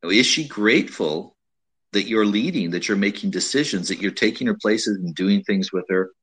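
A man hosting a casual advice talk, speaking in a measured way with frequent restarts and repeated words. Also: fairly low pitch, lively intonation, a bit bright, husky, poor audio. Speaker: host giving dating advice.

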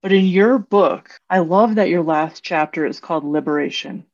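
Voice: medium pitch, normal speed. A podcast host with a mid-range voice asks curious questions and reflects earnestly. The talk is conversational and thoughtful. The recording sounds dull and lo-fi. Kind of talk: conversational interview.

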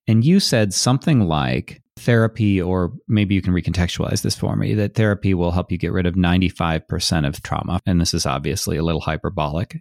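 Recorded at studio quality with no echo, a low-pitched man hosts a conversational podcast interview. He speaks in a thoughtful, reflective way and frequently restarts.

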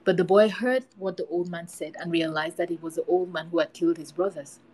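A woman host reads a folktale aloud in a steady, unhurried way. Her voice sits low, with a mellow, husky tone. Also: low-quality recording. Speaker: podcast host.

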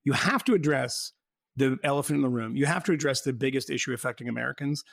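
A man's voice: medium pitch, quick pace, vocal fry, no echo, clean studio sound. A man in casual political chat, rambling and sardonic, often breaking into laughter.

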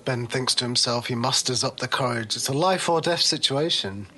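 A man's voice: medium pitch, bright, forceful tone. A man narrating a comedy tabletop game as game master, playful and teasing. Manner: playful, teasing, halting with fillers. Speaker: game master and podcast host.

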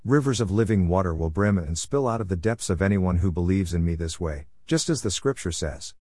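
Man reading Jesus: earnest male teacher, lowish voice, dry read. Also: expressive, brisk, mellow, no room sound. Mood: declaring.

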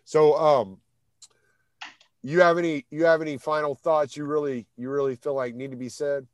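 A middle-aged man hosting a podcast, relaxed and conversational, swearing casually. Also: fairly high pitch, moderate pace, dry recording. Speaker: podcast host.

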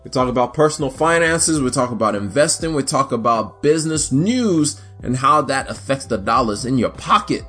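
Rambling, animated young podcast host, a man. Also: mid-range voice, normal speed, few pauses, breathy edge, soft background music. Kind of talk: casual solo podcast.

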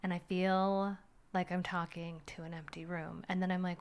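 Candid woman with a smooth voice. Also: on the low side, normal speed, sharp tone. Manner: candid, rambling, self-deprecating with small laughs. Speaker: podcast host. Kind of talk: personal reflective monologue.

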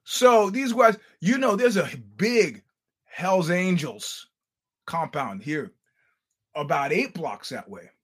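An older man hosting a podcast, telling stories in a casual, animated, profane way with laughing asides. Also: high voice, slow pace, slightly rough. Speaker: podcast host. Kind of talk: casual storytelling monologue.

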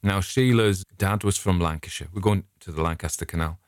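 A man's voice: low-pitched, fairly quick, no room sound, studio quality. A middle-aged English man telling stories in a casual, rambling monologue, chatty and full of digressions. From England. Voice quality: chatty anecdotal storyteller, digressive. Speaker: vlogger.

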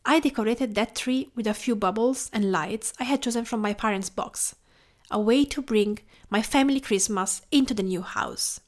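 A woman from Tuscany with an Italian accent, hosting a podcast in a gentle, lyrical, measured reading style. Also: fairly high pitch. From Tuscany, Italy. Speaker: podcast host and food writer. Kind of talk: scripted reflective narration.

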